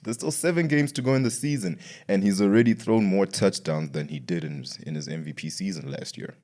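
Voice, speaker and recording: A sports podcast host with a fairly low male voice, talking casually in slangy asides. He vents and circles back to the same complaints over and over, building a rant out of repetition. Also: fairly quick, a little mellow.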